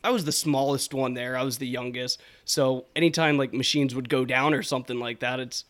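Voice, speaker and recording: A man's voice: medium pitch, fairly even intonation, brisk, hardly any pauses, fairly bright tone. A young man from telling rambling stories in a casual chat, laughing often. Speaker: podcast co-host.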